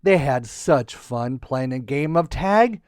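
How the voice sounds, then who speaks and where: A man narrating a children's story in a lively, playful way. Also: medium pitch, slow, no room sound, clean studio sound.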